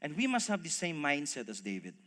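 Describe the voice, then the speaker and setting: A man preaching a sermon, telling a story with animated voices and speaking to the congregation as folks. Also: fairly high pitch, a little fast. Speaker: pastor. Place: church hall. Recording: long reverb of a church hall.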